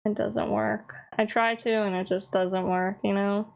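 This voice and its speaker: A woman streams live and talks in a relaxed, chatty way. She teases the people in her chat and answers them, laughing often as she goes. Her voice sits at an ordinary middle pitch. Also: a little slow, vocal fry, lo-fi sound.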